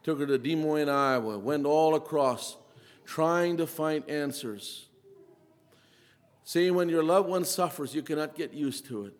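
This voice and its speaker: A man giving an emotional sermon testimony, his delivery swinging from quiet and low to urgent, pleading intensity. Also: unhurried. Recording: long hall reverb.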